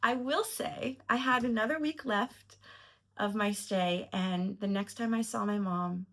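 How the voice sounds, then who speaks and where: A woman's voice: medium pitch, unhurried, fairly bright tone. A woman telling a personal story to camera in a reflective, earnest way, at times emotional. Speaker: vlogger.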